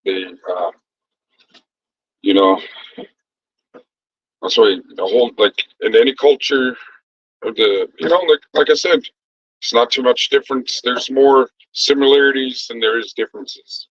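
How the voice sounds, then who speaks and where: A man's voice: mid-range voice, unhurried, long pauses, a bit bright, dull audio, slight background noise. A middle-aged man who cooks and sells food, chatting loosely into his phone during a livestream with lots of fillers and easy laughter. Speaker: food truck cook and vlogger. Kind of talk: casual livestream chat.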